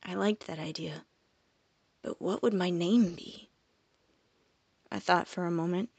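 A woman narrating a first-person fantasy story, soft-spoken and dropping quiet on reflective moments. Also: lowish voice, a little slow, gravelly, slightly rough, no echo. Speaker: audiobook narrator.

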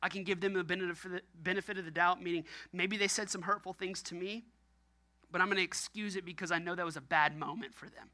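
Guy preaching a sermon, bright voice, punchy, keeps repeating himself and chuckling. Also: high-pitched, fairly even intonation, quick pace. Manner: emphatic, repetitive preaching with laughs. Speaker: pastor.

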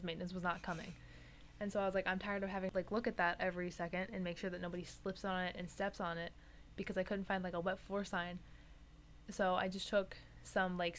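Fast-talking young woman, rambling. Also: on the low side, a little hiss or hum. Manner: rambling, filler-heavy, profane. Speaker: retail stocker. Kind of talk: casual venting chat.

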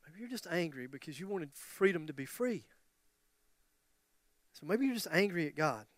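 A man's voice: fairly high pitch, lively intonation, normal speed, no room sound. A man in his fifties preaching a sermon with passion, repeating his phrases and dropping joking asides to the congregation. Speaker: pastor.

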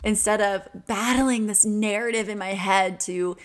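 A woman's voice: mid-range voice, steady tone, unhurried. A woman in her twenties talking in an earnest, chatty monologue, often laughing and using fillers. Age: 20s. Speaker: podcast host. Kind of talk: casual reflective monologue.

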